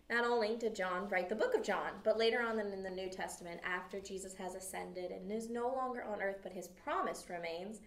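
A woman teaching a children's Bible lesson, telling the story in an animated, expressive way. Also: mid-range voice. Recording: echoey room, mic at a distance.

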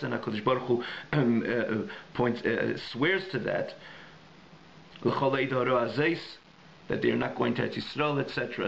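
Gravelly rabbi teaching a class. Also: male voice, mid-range voice, highs cut off, slight background noise. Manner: weaves Hebrew and Yiddish terms into English, restating each phrase several ways; thinking aloud with frequent restarts and searching pauses. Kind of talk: recorded adult education class. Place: synagogue classroom.

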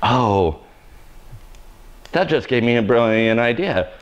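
A man's voice: mid-range voice, lively intonation, slow pace, highs cut off, a crowd in the background. A man hosting a live haircut tutorial, cracking self-mocking jokes and blunt asides as he cuts. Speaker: hairstylist host of live haircutting show.

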